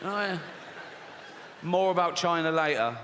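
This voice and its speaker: A middle-aged comic does a sardonic, sweary stand-up set in a big theatre and laughs along at his own material. He talks a little slowly in a fairly high voice with lively intonation, captured with live hall reverb and faint noise.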